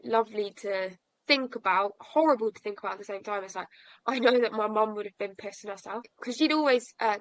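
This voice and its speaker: A young woman with a mid-range voice, appearing as a podcast guest, tells the host a personal story frankly and with self-mockery, laughing through sad memories. The recording is dry and rough.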